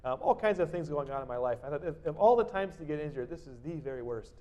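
A man giving a devotional sermon. He reads Bible verses with force and then explains them in a quiet, conversational way, often adding tag questions and restarting his sentences. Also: fairly high pitch, animated, fast talker, dull audio. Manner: reads verses loudly, then drops to quiet personal asides. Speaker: preacher. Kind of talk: devotional sermon with scripture reading.

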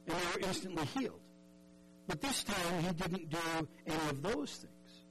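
A man's voice: high-pitched, lively intonation, moderate pace, crowd noise, low-quality recording. A man preaching a sermon in an earnest, conversational way, often repeating words and acting out the voices in the story.

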